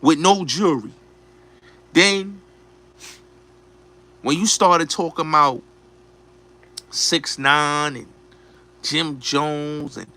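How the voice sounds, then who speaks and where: Slow, forceful ranting man. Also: on the high side. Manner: blunt, profane, repetitive. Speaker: show host. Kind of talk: ranting commentary.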